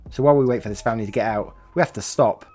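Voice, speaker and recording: A man reading online stories aloud, acting out the angry quotes with big jumps in pitch, and chuckling through his own casual comments in between. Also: very fast, darkish tone. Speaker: reddit story narrator. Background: faint background music.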